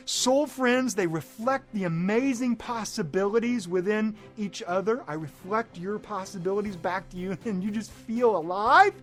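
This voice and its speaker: High-voiced animated male life coach. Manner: animated, acts out scenes in excited bursts. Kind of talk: motivational talk.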